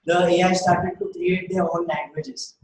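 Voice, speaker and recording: A young man with a high voice asks hesitant interview questions, with frequent fillers and restarts. He sounds as if he is in a roomy space, with faint background noise. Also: flat delivery, unhurried, recorded from a distance. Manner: hesitant, many fillers, rephrases his question. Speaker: student interviewer.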